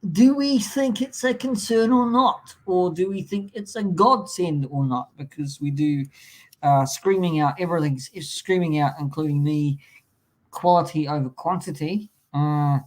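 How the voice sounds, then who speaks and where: A man's voice: a little high, measured pace, rough recording. A man with a New Zealand accent hosting a casual live-streamed chat, full of ums and uhs as he welcomes viewers. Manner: hesitant, many ums and uhs, friendly welcoming. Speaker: podcast host.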